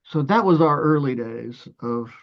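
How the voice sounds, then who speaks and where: An older Ohio musician, appearing as a guest, shares long anecdotes in a conversational way, stopping and restarting with plenty of fillers and acting out others' lines. His mid-range voice is expressive and measured in pace, and the recording's highs are cut off.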